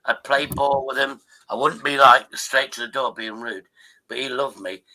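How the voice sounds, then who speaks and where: Brief: older man in his sixties, sharp bright tone, rambling and sweary, livestream host on a call. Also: medium pitch, fairly even intonation, moderate pace, low-quality recording. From Derbyshire, England. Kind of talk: casual chat.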